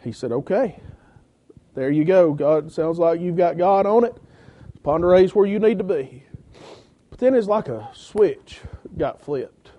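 A man's voice: fairly high pitch, lively intonation, a little slow, pauses often, muffled recording. A man from Georgia, a preacher telling his church-planting story in a sermon, acting out quoted conversations. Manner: storytelling with many quoted exchanges, rising intensity when quoting others. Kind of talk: sermon testimony.

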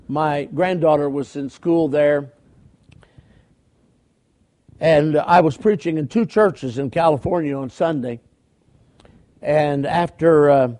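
Folksy older preacher man, high-pitched. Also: dark tone. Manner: folksy, conversational, calls for amens. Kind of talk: storytelling sermon.

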